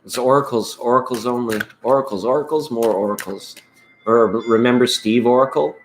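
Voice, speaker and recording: A man's voice: mid-range voice, steady tone, moderate pace, slight background noise. A man hosting a live tarot stream, chatting casually and rambling playfully, often laughing.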